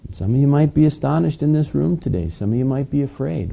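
A man's voice: medium pitch, lively intonation, quick pace, gravelly, dark tone, slightly rough. A man preaching a sermon in a conversational, folksy way, with joking asides to his congregation. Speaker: pastor.

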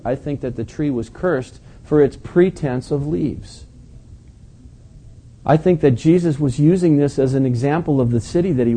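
Mellow-voiced male preacher, conversational. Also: fairly high pitch, slightly rough. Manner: conversational, questioning, emphatic. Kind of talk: sermon.

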